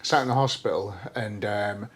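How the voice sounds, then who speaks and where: Speaking at normal speed in a lowish voice, a young man co-hosting a podcast shares an animated story over casual chat, cursing freely and performing the quoted lines of the people involved.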